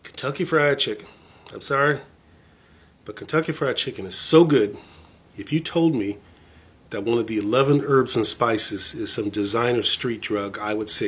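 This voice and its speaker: Speaking at a normal speed in a medium-pitched, slightly bright, husky voice, a man vlogs about his record collection. He rambles casually and eagerly to the camera, with a self-deprecating streak.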